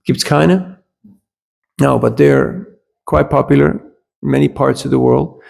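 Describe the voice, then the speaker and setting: A man's voice: a little high, gravelly, a little mellow. A man giving a scripture class, telling anecdotes in a conversational way and often checking in with his listeners. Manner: switches briefly into German.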